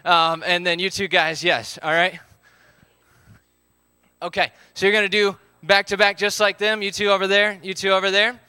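A man's voice: sits high, flat delivery, moderate pace, sharp tone, clear, resonant tone, dry recording, clean studio sound. A man, leading a live group game, upbeat as he calls out counts and instructions.

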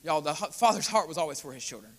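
A man's voice: fairly high pitch, expressive, quick pace. A man preaching a sermon as pastor, earnest and building to emphatic delivery. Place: church sanctuary. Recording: church hall with long reverb.

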